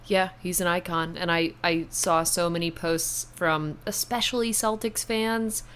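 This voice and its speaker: A woman co-hosting a sports news chat, talking through headlines in a relaxed, conversational way. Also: fairly low pitch, unhurried, clear, resonant tone. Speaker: co-host of a sports news show.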